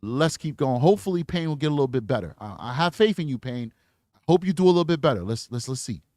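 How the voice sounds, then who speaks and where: A man's voice: mid-range voice, expressive, fast talker, darkish tone, no echo, clean studio sound. Emphatic man true crime commentator. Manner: emphatic, coaching, indignant. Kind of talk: casual commentary.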